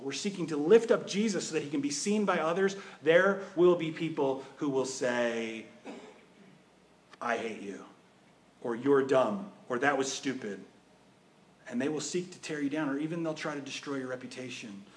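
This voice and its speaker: A man preaching a sermon in a conversational way, often asking his listeners rhetorical questions. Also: a little high.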